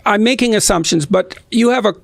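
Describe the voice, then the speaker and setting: A man interviewing his guest, speaking thoughtfully in a measured, halting way with frequent restarts. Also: high voice, creaky, no room sound. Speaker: interviewer, psychology professor.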